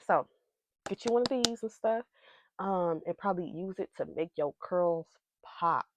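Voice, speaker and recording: A woman's voice: lowish voice, normal speed, background noise. Hyper, giggly young woman vlogger. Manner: hyper, giggly, rambling, talks straight to her viewers. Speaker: beauty vlogger. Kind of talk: casual chatty makeup vlog. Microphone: wireless receiver mic.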